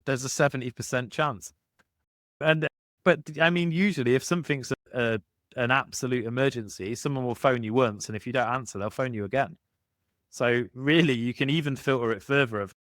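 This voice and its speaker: A man co-hosting a relaxed podcast chat, lively and expressive as he tells stories. He often breaks off and restarts his sentences mid-thought. His voice sits at a middle pitch, and the recording is dry and close. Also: fairly quick, dry recording. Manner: animated, restarts sentences, acts out anecdotes. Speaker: podcast co-host. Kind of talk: casual conversation.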